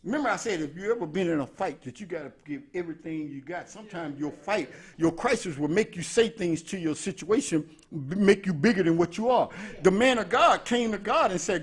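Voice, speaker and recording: High, bright-voiced animated preacher man. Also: fairly quick, breathy edge. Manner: animated, laughing, rising to shouts. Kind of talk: storytelling sermon.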